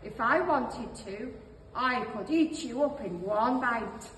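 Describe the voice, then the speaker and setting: A woman voicing a proud old male wolf with a deep, grumbling voice, read aloud in a storybook tale. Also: lively intonation, slow, fairly bright tone, a little hiss or hum. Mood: gruff boasting. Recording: echoey hall, voice from far off.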